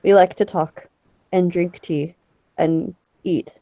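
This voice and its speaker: A woman's voice: on the low side, fairly even intonation, slow pace. A woman doing a chatty, cheerful boggin. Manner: bubbly, rambling, reassuring. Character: chatty cheerful female boggin, homely and eager. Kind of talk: tabletop role-play voicing. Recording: lo-fi muffled mic.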